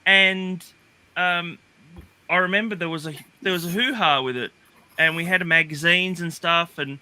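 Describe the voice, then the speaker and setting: A man's voice: high voice, moderate pace, pushed and bright, clear, resonant tone. A man on a livestream, chatting casually and rambling with many fillers and restarts. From Australia. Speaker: guest. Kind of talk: casual chat. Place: livestream call.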